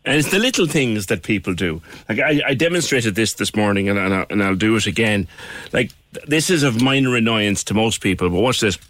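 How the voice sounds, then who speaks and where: A man's voice: fairly low pitch, expressive, brisk, a bit bright. A man hosting a casual radio chat, joking and chatty. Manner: jokey, chatty. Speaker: radio host.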